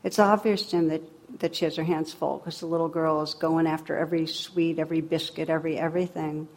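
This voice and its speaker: A woman's voice: low voice, little pitch movement, a little fast, a little mellow. A middle-aged woman giving a dharma talk as a meditation teacher, wry and humorous, then reflective.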